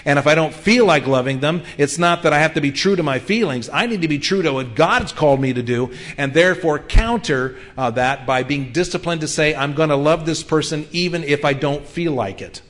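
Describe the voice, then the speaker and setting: A man's voice: on the high side, fairly quick, few pauses, fairly bright tone. A man in his fifties preaching a sermon in an earnest, conversational way, with frequent ums and restarts. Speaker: pastor.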